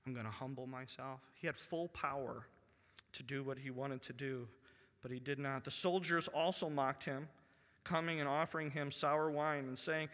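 A pastor preaching a sermon to his congregation. He reads scripture aloud and drops to a hushed voice for emphasis. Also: mid-range voice, fairly even intonation, moderate pace. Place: church sanctuary. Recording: long church hall reverb.

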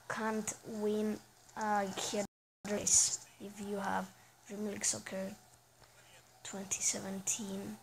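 The gaming channel host talks through a soccer video game in a chatty way, reacting aloud to plays and often letting her sentences trail off. She has a gravelly, mid-range voice, heard against background noise.

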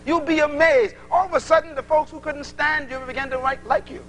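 A man's voice: extremely high pitch, brisk, hardly any pauses, soft background music, low-quality recording. A man preaching a sermon to a congregation, acting out little dialogues as he teaches. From Bahamas. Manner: animated, acts out little dialogues.

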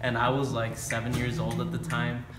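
A man's voice: medium pitch, monotone, normal speed, reverberant, loud music behind the voice. A young man telling a rambling story among friends, full of "like" fillers. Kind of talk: casual storytelling.

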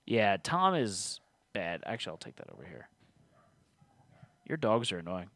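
Male game host, low and animated, dry close mic, reads rules and ribs his friend. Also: moderate pace, dry recording. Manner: teasing, reads rules aloud. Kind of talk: casual tabletop game play.

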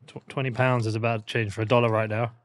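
A man's voice: mid-range voice, flat delivery, quick pace, background noise. A man from England with an English accent, a guest in a comedic interview, answering in a dry, blunt and unimpressed way.

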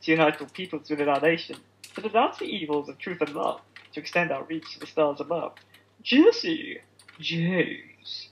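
A grandstanding cartoon villain booming out a grand motto, as a man puts him on, the pitch leaping up and down from line to line. The delivery is theatrical and swooping, pure showy declamation with every phrase pushed for effect. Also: animated, moderate pace, a little hiss or hum, rough recording.

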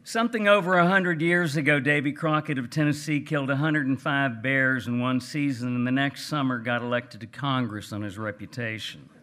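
A cranky older Texas gentleman, as a man puts him on, reading in a plainspoken, folksy drawl with a dry edge. His Texan accent carries the lines at a middle pitch, pushed a little higher than the reader's own. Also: normal speed, hardly any pauses, lightly acted. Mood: wry. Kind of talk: reading aloud at a book event.

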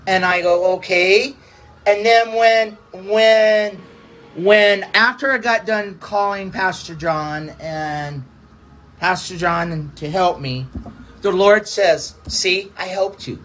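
A man, a pastor, telling a personal testimony in a halting, repetitive way, circling back over the same phrases. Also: high voice, a bit bright, a little hiss or hum, poor audio.

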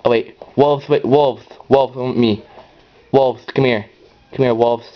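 A man hosts his own gameplay channel, rambling through casual commentary in a mid-pitched voice. He gets excitable and jumps up into high yells. The recording sounds dull and lo-fi. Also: slow.

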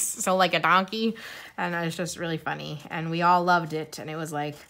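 A woman's voice: on the low side, fairly even intonation, brisk, fairly bright tone. A young woman chatting casually to camera as a vlogger, rambling and giggling between thoughts. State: coughing, tiring voice. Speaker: YouTuber.

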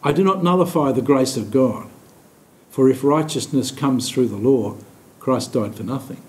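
A man leading a Bible study. He explains scripture with many pauses and restarts, and slows down to stress key words. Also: darkish tone. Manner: thoughtful, halting, with many fillers and restarts. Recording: echoey room with faint rumble.

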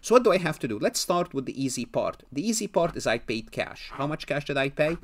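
A man's voice: fairly high pitch, sing-song, a little fast. Man lecturing, asking himself questions. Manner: asks and answers his own questions, repeats key words. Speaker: accounting lecturer. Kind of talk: recorded lecture.

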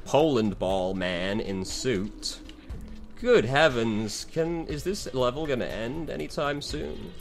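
A man's voice: mid-range voice, expressive, slow pace, faint music behind. Sarcastic man doing dry game commentary. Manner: dry, sarcastic, swears freely. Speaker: game reviewer.

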